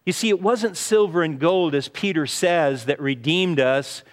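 A man's voice: a little high, a little slow. A man preaching a sermon, telling a story in an earnest way and often saying "you see". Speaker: pastor. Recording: reverberant hall.

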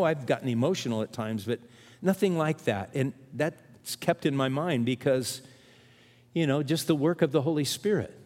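A man's voice: a little high, darkish tone. Earnest older man preaching in a hall. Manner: earnest, conversational preaching with emphatic rises. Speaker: pastor. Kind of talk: sermon.

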